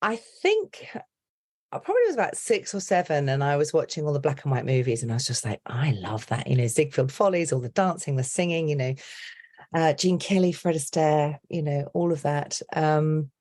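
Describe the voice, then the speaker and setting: A middle-aged woman from England speaks with an English accent in a low, deep register. She chats animatedly as a podcast guest, telling stories with plenty of energy. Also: brisk. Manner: chatty, animated storyteller. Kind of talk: casual interview chat.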